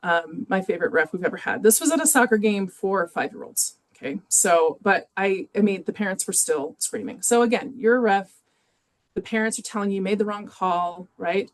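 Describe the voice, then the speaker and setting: A woman's voice: medium pitch, animated, a little fast. A woman presenting an educational webinar on caregiver stress, speaking conversationally with frequent fillers and restarts. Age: adult with children in youth sports.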